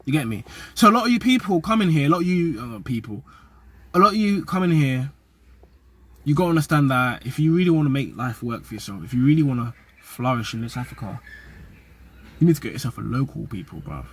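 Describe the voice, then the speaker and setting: Casting note: young man, husky mid-pitched voice, slangy and animated, vlogging straight to camera. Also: fast. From UK and Nigeria. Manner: animated, slangy street talk. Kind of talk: casual vlog monologue.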